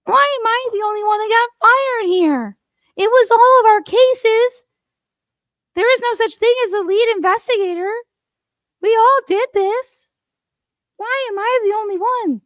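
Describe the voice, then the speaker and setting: Squeaky self-pitying fired cop whining, woman mocking him, loud. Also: measured pace, no room sound, clean studio sound. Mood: whiny. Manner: shrill indignant complaining. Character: whiny fired male officer, self-pitying.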